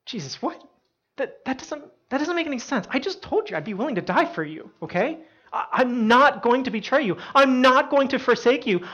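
A woman voicing an impulsive, fiercely loyal male disciple who protests loudly and in a raised pitch, in a dull lo-fi recording. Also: a little slow. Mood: protesting. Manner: loud, high-pitched protesting. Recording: dull lo-fi sound.

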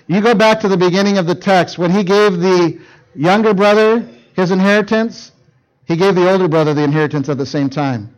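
A middle-aged man preaching a youth sermon, telling a Bible story with lively acted-out quotes. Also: high voice, brisk, rough recording. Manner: animated storytelling, acting out quoted lines. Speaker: youth pastor.

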